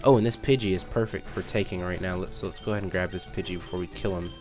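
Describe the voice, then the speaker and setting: A man's voice: sits low, steady tone, quick pace, music in the background. Rambling young man narrating gameplay. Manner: rambling, distracted, restarts mid-sentence while playing. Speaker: let's play host. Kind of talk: casual gameplay commentary with storytelling.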